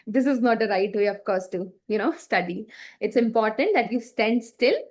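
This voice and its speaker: A woman with a somewhat high voice gives an online class lecture over a video call. She explains step by step, checks in often with questions to her listeners, and acts out bad examples to show what not to do. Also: lively intonation, moderate pace, a little mellow. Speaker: teacher.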